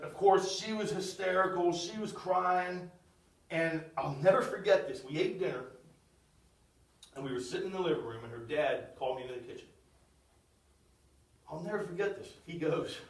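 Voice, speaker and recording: A middle-aged man giving a spoken testimony, swinging from loud outbursts to hushed, almost whispered storytelling. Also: a little high, reverberant, recorded from a distance, poor audio. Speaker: speaker sharing a personal testimony. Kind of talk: testimony talk.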